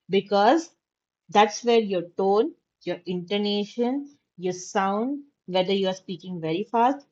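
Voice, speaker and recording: A woman's voice: medium pitch, warm tone, highs cut off. A woman teacher giving a class lecture, stressing key words and often checking that students follow. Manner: emphatic, repeats key words, checks understanding.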